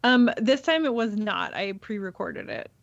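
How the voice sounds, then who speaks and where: A woman co-hosting a podcast in casual chat, relaxed and self-deprecating. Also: mid-range voice, normal speed, gravelly, dry recording, lo-fi sound. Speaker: podcast co-host.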